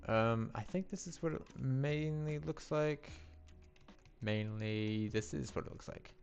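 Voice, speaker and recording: A man's voice: mid-range voice, unhurried, vocal fry, a little mellow. A man live-streaming a building game on a headset mic, rambling to himself with playful sound effects. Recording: faint music behind.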